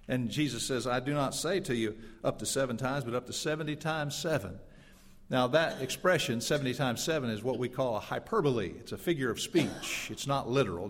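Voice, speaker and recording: Man, preacher, sermon, swings loud to hushed, rhetorical questions, long hall reverb. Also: mid-range voice. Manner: dynamic, swings from loud emphatic to quiet and hushed; addresses congregation directly, rhetorical questions.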